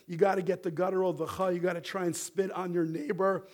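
A middle-aged man preaching a sermon as a rabbi, animated and building toward fervent exhortation, leading the congregation to repeat words back. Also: high-pitched, fast talker. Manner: animated, rising to near-shouting exhortation; leads the congregation in call-and-response.

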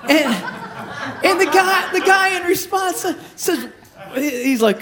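A man preaching a sermon, animated and storytelling, acting out quoted voices, with frequent restarts and repetitions. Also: very high-pitched, slow pace. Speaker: pastor.

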